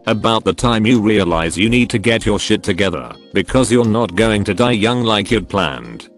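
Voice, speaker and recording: A man narrating online posts in a flat, evenly paced scripted read. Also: fairly low pitch, normal speed. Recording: faint music behind.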